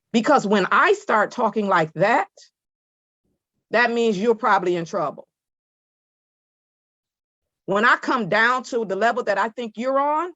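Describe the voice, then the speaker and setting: A woman's voice: on the high side, fairly bright tone, no room sound, dull audio. A woman judge sternly lecturing from the bench over a video call, firm and scolding.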